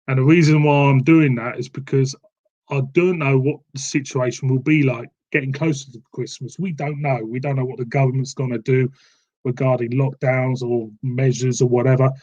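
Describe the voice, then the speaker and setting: A man's voice: medium pitch, darkish tone, dull audio. A man with a southern English accent hosting a live beer-review stream, chatting casually and rambling with frequent repeats, calling his viewers "mate". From southern England.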